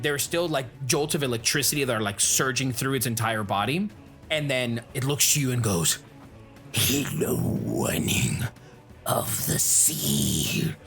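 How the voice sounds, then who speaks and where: Relaxed male game master narrating. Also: medium pitch. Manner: casual, descriptive, relaxed narration.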